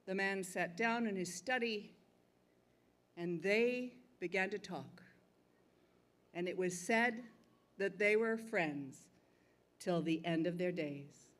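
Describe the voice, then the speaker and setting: A middle-aged woman storyteller telling a folktale live in a museum theater, with dramatic, expressive delivery. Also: medium pitch, slow pace, long pauses. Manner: expressive, dramatic shifts between calm and loud.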